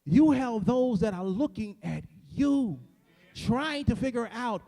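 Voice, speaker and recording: A man delivers a church sermon in a strikingly high voice. His pitch moves in wide, lively swings. He builds to a whooping, shouted cadence full of repeated phrases. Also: slow, gravelly. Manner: call-and-response repetition. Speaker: preacher.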